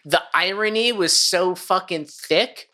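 A podcast co-host talking in excitable, swearing casual chat. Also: mid-range voice, a little slow. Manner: excitable, profane banter.

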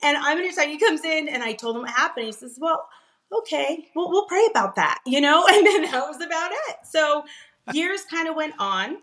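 Animated woman telling a personal story. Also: high voice, fairly quick. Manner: animated, emphatic storytelling with laughs. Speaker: podcast guest, author. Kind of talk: conversational storytelling interview.

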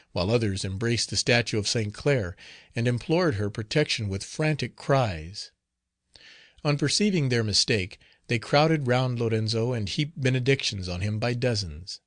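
A man narrating a classic novel in a measured, formal storytelling manner. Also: medium pitch, no room sound, clean studio sound. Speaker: audiobook narrator.

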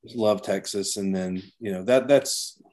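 Male podcast guest, low voice, rambling storyteller with many restarts. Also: a little slow, darkish tone. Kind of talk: casual chat.

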